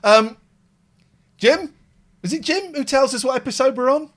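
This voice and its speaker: Excitable, rambling man hosting. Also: extremely high pitch, normal speed. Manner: excitable, rambling, jumps between loud outbursts and quiet musing. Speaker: phone-in show host. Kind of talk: casual chat.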